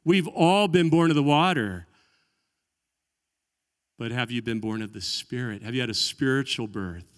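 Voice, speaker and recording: A man's voice: mid-range voice, moderate pace, long pauses. Male pastor preaching in an echoey hall. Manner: earnest preaching, drops to quiet voice for quoted prayers. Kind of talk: sermon.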